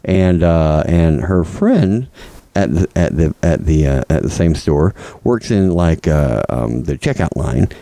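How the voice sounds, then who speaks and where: A man's voice: a bass voice, expressive, a little slow, vocal fry, mellow, no room sound, rough recording. A man co-hosting a podcast in casual chat, rambling with lots of fillers and restarts, chuckling often. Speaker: podcast co-host.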